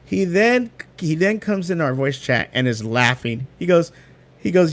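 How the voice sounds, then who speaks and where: A man in a casual video call chat, telling a story with lively acted-out quotes. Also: on the high side, normal speed, a little hiss or hum. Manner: animated storyteller, acts out quotes.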